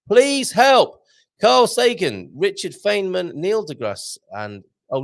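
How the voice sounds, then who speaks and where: A man hosting a live online show, rambling excitably to viewers and reading the chat. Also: mid-range voice, creaky. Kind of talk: casual live-stream chat.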